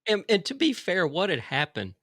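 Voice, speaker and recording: A man's voice: high voice, huge pitch swings, moderate pace, pushed and bright, no echo. A man co-hosting a podcast, telling stories in a dry, understated way in casual chat. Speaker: podcast co-host.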